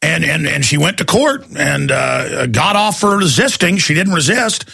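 Gravelly agitated talk radio host. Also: male voice, very animated, moderate pace, sharp tone. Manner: agitated, mocking, acts out quotes in shrill voices. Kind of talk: heated talk radio monologue.

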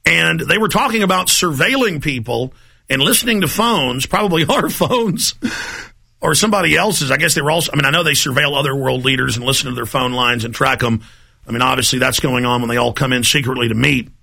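A man's voice: mid-range voice, fairly quick, gravelly, bright, forceful tone, slightly rough. A man hosting a talk radio show, telling a rambling story in an emphatic monologue.

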